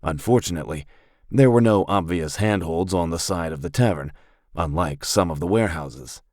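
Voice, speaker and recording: Brief: male audiobook narrator, low voice, dry studio sound, steady reading. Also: moderate pace, dry recording. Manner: steady, even storytelling. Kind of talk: scripted narration.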